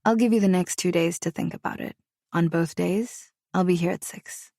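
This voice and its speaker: A woman reading the lines of a brooding, commanding man who speaks in a calm, teasing, cryptic way. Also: on the low side, moderate pace, vocal fry, no room sound, clean studio sound.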